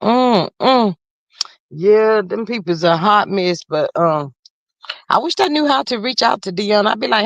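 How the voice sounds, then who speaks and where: A woman's voice: medium pitch, lively intonation, a little slow, gravelly, dry recording. A woman hosting a casual live stream, talking straight to her viewers and reading out the chat in a folksy, chatty way.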